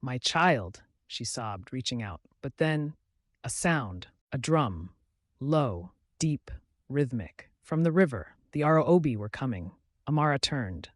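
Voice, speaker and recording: A man narrating a folktale in a dramatic, measured way. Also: mid-range voice, lively intonation, no room sound, studio quality. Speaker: storyteller.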